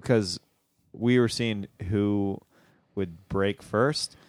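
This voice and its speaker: A man's voice: fairly low pitch, extremely slow, no echo. A man from the Midwest co-hosting a podcast in casual, joking chat, often restarting his sentences. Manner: joking, laid-back, often restarts phrases. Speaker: podcast co-host.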